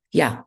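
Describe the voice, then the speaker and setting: A woman teaching a synagogue class, speaking hesitantly with many ums and pauses. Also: dark tone. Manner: hesitant, many ums, sings trope examples. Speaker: bar mitzvah trope teacher. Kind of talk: classroom lesson.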